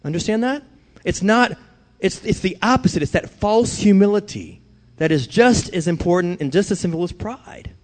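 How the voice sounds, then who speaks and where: His sermon moves from a relaxed, conversational tone to emphatic declarations that press his points. The middle-aged pastor has a notably high voice and is expressive, speaking at normal speed.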